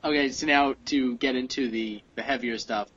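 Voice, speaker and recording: A man co-hosting a podcast, asking questions in a halting way with many fillers. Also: mid-range voice, steady tone, fairly bright tone. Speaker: podcast co-host. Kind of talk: casual interview questions. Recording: muffled podcast audio.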